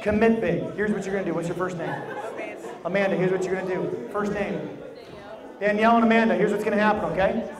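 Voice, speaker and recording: A man's voice: high-pitched, steady tone, quick pace. A man leading a group exercise in a large room, giving emphatic, repeated directions to volunteers and the audience. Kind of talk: live instruction to a group. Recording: echoey hall with crowd noise.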